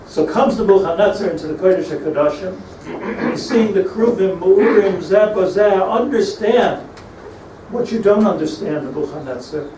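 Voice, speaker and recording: A middle-aged rabbi with a fairly high voice preaches a storytelling sermon, dropping Hebrew terms into his English and building to emphatic peaks. He sounds set back from the mic in a roomy, echoing space, with a faint hum of ambience behind him. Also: expressive, moderate pace, a little mellow. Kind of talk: sermon on lamentations. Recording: echoey room, mic at a distance, faint ambience.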